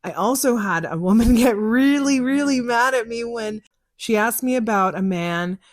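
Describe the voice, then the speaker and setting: A woman's voice: fairly high pitch, moderate pace, no room sound. A young woman hosting a show, chatting candidly about her psychic work, laughing often and acting out conversations. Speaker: psychic podcast host. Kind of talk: casual chat answering listener questions. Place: car.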